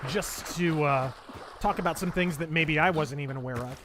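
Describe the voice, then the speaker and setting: A man's voice: fairly high pitch, moderate pace, background noise. A man live-streaming a shooter game, chatting bluntly and swearing as he plays and answers viewers. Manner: profane, blunt, laughs easily. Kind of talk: casual live-stream chat while gaming.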